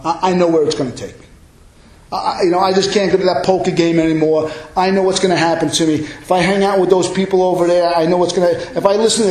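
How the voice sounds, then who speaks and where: A male pastor preaching a sermon, emphatic and building to loud exclamations. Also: high-pitched, reverberant, rough recording.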